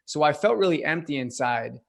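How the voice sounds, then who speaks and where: A man's voice: fairly high pitch, animated, fairly quick, vocal fry. A young man sharing his life story as a podcast guest, earnest and open, with many casual fillers. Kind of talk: personal storytelling interview.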